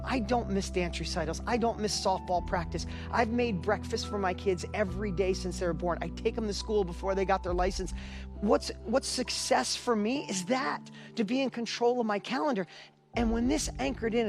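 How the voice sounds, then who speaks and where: Middle-aged guy, high voice, motivational stage talk, emotional storytelling. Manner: storytelling, emotional, builds to urgent exhortation. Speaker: event speaker.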